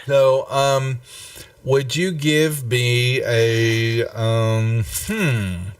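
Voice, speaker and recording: A male game master narrates a tabletop session slowly, with plenty of ums and restarts. His voice sits a little off the mic, but the room is dry and dead. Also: mid-range voice, fairly even intonation, clear, resonant tone, no echo, far from the mic. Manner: unhurried, rambling with many fillers.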